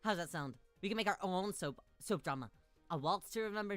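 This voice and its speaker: A woman streamer's expressive, fairly quick, slightly bright voice comes through with no room sound and faint music behind. Playing a visual novel, she reads its lines aloud and jokes in a giggly, playful way, with sudden high squeals, in casual let's-play commentary.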